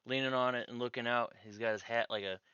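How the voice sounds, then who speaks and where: A man's voice: mid-range voice, steady tone, quick pace, pushed and bright, clean tone, no echo, lo-fi sound. A man running a tabletop game as game master, describing scenes in a loose, rambling way.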